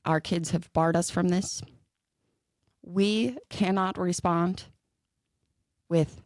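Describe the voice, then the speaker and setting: Giggly chatty mom on a podcast. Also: female voice, fairly low pitch, steady tone, takes it slowly, long pauses, a little mellow, dry recording, studio quality. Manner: chatty, giggly, self-deprecating storyteller. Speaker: podcast co-host. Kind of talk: casual chat.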